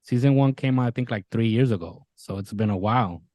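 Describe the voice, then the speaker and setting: A man in casual podcast chat, retelling a show with lots of energy, swearing freely and jumping into quoted voices. His voice sits at a middle pitch. The sound is dry and close to the mic. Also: fairly quick, darkish tone, no room sound. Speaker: podcast co-host.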